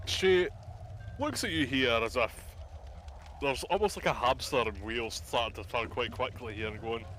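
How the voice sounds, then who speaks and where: Man, dungeon master, chatty tabletop narration, clear bright tone, mid pitch. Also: moderate pace, slight background noise. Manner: chatty, with many restarts and asides. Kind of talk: narrating a live tabletop game.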